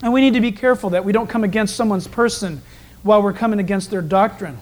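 Man, pastor, verse-by-verse sermon, animated and emphatic, high-pitched voice. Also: quick pace. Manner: animated, emphatic storytelling that acts out quoted voices. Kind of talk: expository sermon.

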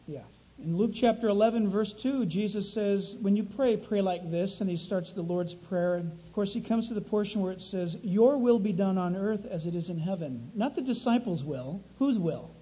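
Man, high husky voice, indignant commentary, scripture reading. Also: normal speed, dark tone, rough recording. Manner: indignant, emphatic. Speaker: host critiquing preachers.

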